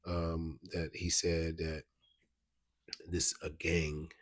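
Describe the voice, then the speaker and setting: Man, low husky voice, monotone, rambling storytelling. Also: extremely slow. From Baltimore, USA. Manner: rambling, restarts, frequent "you know what I mean". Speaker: vlogger. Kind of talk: casual storytelling to camera.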